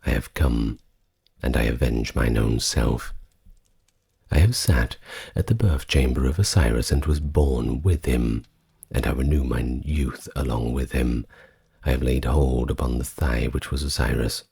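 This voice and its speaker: A man reading ancient sacred texts aloud in a slow, soft-spoken ASMR style, with a solemn and measured recitation. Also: a bass voice, creaky, slightly rough.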